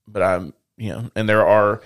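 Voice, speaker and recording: A man's voice: lowish voice, fairly even intonation, normal speed. A man co-hosting a faith-based podcast, talking in a reflective, casual way and explaining with everyday analogies. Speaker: podcast co-host.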